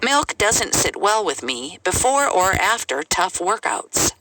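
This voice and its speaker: A woman reading English example sentences aloud in a clear, measured way for a language lesson. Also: medium pitch, very animated. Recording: noisy recording.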